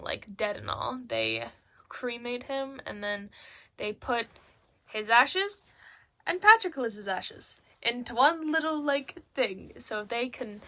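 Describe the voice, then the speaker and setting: Here a teenage girl's voice is fairly high, pushed, and bright as she presents a school project into her phone. Her retelling is loose and irreverent, a slangy storytelling recap full of fillers.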